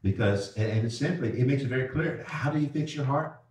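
A man preaching an evening sermon as pastor, folksy, repeating words and slowing down on key phrases. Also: medium pitch, darkish tone, far from the mic. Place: church sanctuary. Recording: echoey church from afar.

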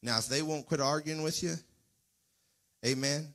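A man's voice: on the high side, steady tone, normal speed, a bit bright. A man pastor preaching a Pentecostal sermon in a church, folksy and fervent, at times rising into near-singing cries. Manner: folksy, talks straight to the congregation. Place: church sanctuary.

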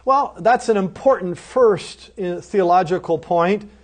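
Emphatic high-voiced male lecturer. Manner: emphatic, repeats key points, asks rhetorical questions and answers them; slows right down and drops softly on key phrases. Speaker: seminary lecturer. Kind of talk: recorded course lecture.

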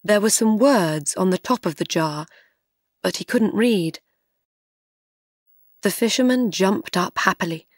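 A woman narrates an easy storybook tale for English learners, reading each short sentence very slowly and clearly. Her voice sits at a middle pitch, and the recording is dry and close, with no room sound. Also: lively intonation, no echo.

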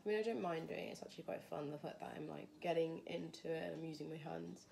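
A woman's voice: low-pitched, quick pace, gravelly, mellow. A young woman, a fashion design student, chatting casually and thinking aloud while she works on a project, often poking fun at herself. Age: young adult. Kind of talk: casual vlog narration while crafting.

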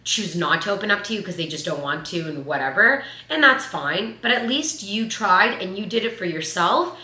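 A woman in her twenties giving casual life advice in a vlog, chatty and animated, with lots of "like". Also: mid-range voice, moderate pace. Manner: chatty, animated, says "like" a lot. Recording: echoey room.

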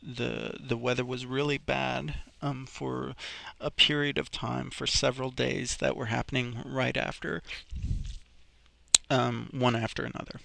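A man's voice: medium pitch, level tone, measured pace, vocal fry, sharp tone. A man teaching a recorded vocabulary lesson, explaining each example step by step with many ums and restarts.

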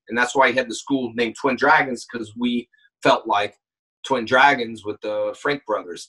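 Animated man telling stories on a call, distant. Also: mid-range voice, breathy edge. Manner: animated storyteller, acts out shouts and quoted lines. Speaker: guest actor. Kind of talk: casual chat. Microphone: phone call.

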